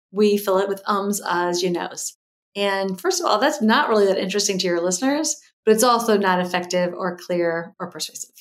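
A middle-aged woman talking as a guest on a podcast interview. Her pitch sits at an ordinary middle height, and she walks through her points one by one. She keeps it animated and slips into little acted-out quotes along the way. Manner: animated, acts out quoted voices, explains in lists. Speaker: guest communication expert.

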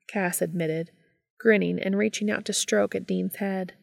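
A woman reading a romance story aloud in calm, steady scripted narration. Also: medium pitch, unhurried, gravelly, no room sound. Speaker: fan fiction reader.

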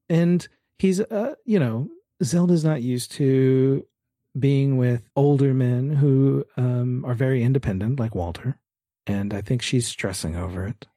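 A man voicing a gossipy aging female Hollywood character actress, shrill and gushing. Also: warm tone, dry recording, studio quality.

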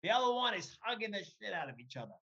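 A man speaking as a guest, telling a story in a lively, joking way and swearing casually. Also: high-pitched, fast talker, creaky, highs cut off.

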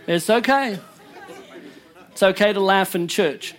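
A man's voice: high-pitched, unhurried, a bit bright, a faint crowd. A male pastor preaching a sermon in church, emphatic and joking with his congregation.

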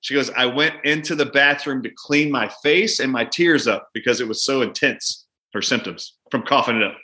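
Bright-voiced man telling a vivid clinic story. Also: mid-range voice, normal speed. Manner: animated, acts out both sides of a patient exchange. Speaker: doctor and guest. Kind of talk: conversational storytelling.

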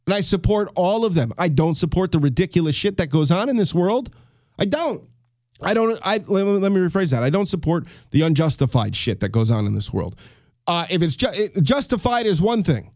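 Fired-up man ranting, high voice. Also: very animated, brisk, a little mellow, dry recording, clean studio sound. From United States. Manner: fired-up, swearing, repeats and restarts. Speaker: podcast host. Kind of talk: solo podcast rant.

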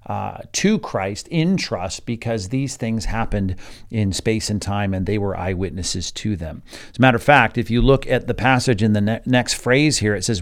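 A man leading an evening Bible study in an informal teaching manner, with frequent fillers and emphatic stresses. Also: lowish voice.

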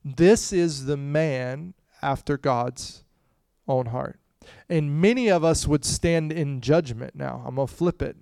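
A man preaching a conversational sermon to a congregation, swinging between hushed and loud passages, with frequent "you know" asides. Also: fairly high pitch, slow, creaky, smooth, no room sound, studio quality. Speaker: pastor.

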